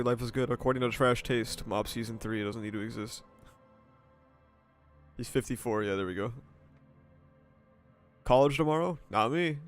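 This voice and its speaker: A young man in his twenties talks with his livestream viewers in a relaxed, easygoing voice of middling pitch. His nose is stuffy. He laughs often and swears now and then, with faint soundtrack music under him. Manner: laid-back, laughing, swearing, greets chatters by name. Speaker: streamer. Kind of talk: casual livestream chat with viewers. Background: video game soundtrack music.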